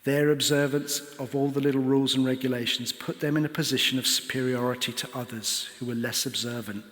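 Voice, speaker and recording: A man's voice: medium pitch, steady tone, brisk, a bit bright. A man preaching a sermon, retelling a parable earnestly and asking rhetorical questions. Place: church. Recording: church hall reverb.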